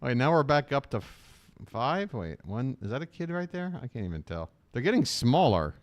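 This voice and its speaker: A man's voice: medium pitch, big pitch swings, normal speed, highs cut off. A man hosting a live stream, riffing sarcastically on a video with jokes and swearing. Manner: sarcastic, jokey, swears, does mocking voices. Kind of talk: casual riffing commentary.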